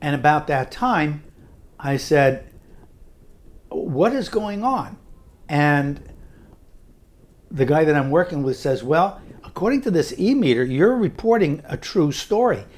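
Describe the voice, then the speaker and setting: An older man tells a story from his own life in a slightly high voice. He speaks earnestly and conversationally, stumbling over a word now and then before carrying on. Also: animated, slow pace, pauses often. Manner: earnest, conversational, with frequent small restarts. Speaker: memoir narrator. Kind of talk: personal storytelling narration.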